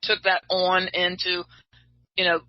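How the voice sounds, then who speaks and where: A woman's voice: on the low side, completely flat delivery, measured pace, dry recording. A middle-aged woman, a tarot reader, chatting casually and telling rambling stories. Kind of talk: casual chat. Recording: dull lo-fi sound.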